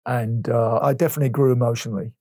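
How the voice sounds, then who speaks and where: Speaking at a quick pace in a mid-range voice, an English man in his fifties gives an open, emotional account as an interview guest. There's no room sound. He re-enacts old exchanges with lively dialogue as the story unfolds.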